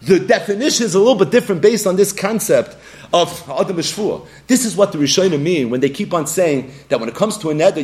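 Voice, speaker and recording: A man teaching a Talmud lecture, animated, acting out little scenes and laughing often. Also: high voice, brisk. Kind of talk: yeshiva-style Talmud lecture.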